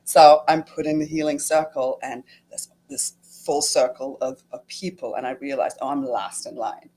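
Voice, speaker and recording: A woman's voice: rumbling low, steady tone, normal speed, mellow. A middle-aged woman sharing a personal story in casual talk, emotional and full of fillers, acting out her own inner thoughts. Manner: emotional, many fillers and acted-out inner quotes. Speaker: guest sharing her retreat experience.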